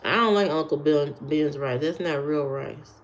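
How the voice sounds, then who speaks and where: A woman's voice: low voice, moderate pace, slight background noise. A woman live streamer chatting casually with her viewers, answering their comments with sass. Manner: sassy, talks back at trolls.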